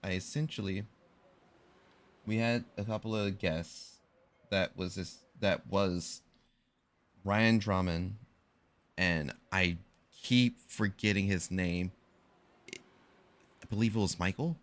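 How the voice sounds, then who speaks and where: A man's voice: low-pitched, fairly even intonation, slow pace, long pauses, fairly bright tone. A young man chatting casually on a live stream, rambling and correcting himself as he tells a story in slangy talk.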